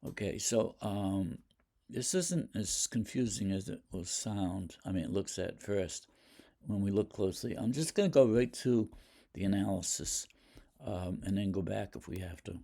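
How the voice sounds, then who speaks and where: A man lecturing on poetry, talking deliberately, with fillers and restarts. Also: fairly low pitch, animated, creaky, dark tone. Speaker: literature lecturer. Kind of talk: explaining poetry.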